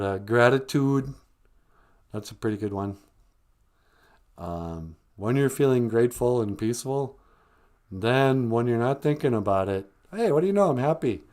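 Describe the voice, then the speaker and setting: Man, lowish voice, live stream host, casual, wry, joking. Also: a little mellow. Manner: wry, joking, conversational, slips into comic voices. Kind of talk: casual teaching monologue.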